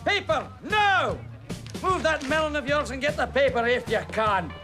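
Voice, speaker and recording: A barking, mocking teacher. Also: male voice, very high-pitched, expressive, moderate pace. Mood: scornful. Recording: film soundtrack with music.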